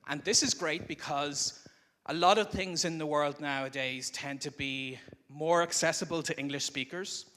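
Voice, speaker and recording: With a fairly high, slightly bright voice at normal speed, a man delivers a live conference presentation before an audience in a conference room. He speaks into a microphone, conversational and explanatory.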